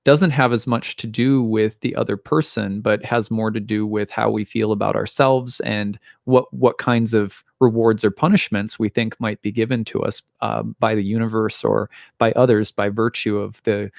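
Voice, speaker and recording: A man's voice: fairly low pitch, fairly even intonation, normal speed, creaky, few pauses, no room sound, clean studio sound. A man in his thirties, an astrologer, giving a thoughtful personal talk with frequent restarts and small laughs. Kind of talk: reflective personal monologue.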